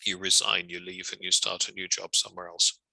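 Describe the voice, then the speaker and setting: A man teaching legal drafting in a measured, wry, conversational way. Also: low voice, monotone, vocal fry, pushed and bright, no echo, rough recording. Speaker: legal trainer. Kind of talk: recorded lecture.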